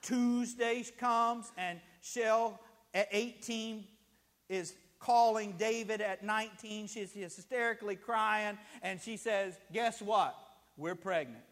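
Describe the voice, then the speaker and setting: High-voiced preacher in a reverberant hall. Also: male voice, steady tone, takes it slowly, a bit bright. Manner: storytelling preacher, acts out scenes with rising emotion. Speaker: pastor. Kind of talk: sermon. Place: church sanctuary.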